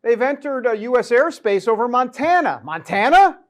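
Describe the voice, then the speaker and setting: A man's voice: extremely high pitch, moderate pace. A man hosting a talk show, giving comedic news commentary in a sarcastic, joking way.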